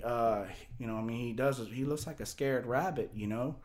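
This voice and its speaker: A man telling a story on a casual podcast, animated and profane, often stammering and repeating words. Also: medium pitch, normal speed, few pauses.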